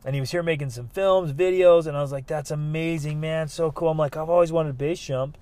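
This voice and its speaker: Animated storytelling man with a dry close sound. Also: on the high side, fairly quick, dry recording. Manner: lively, voices the people he quotes. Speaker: speaker telling a personal story.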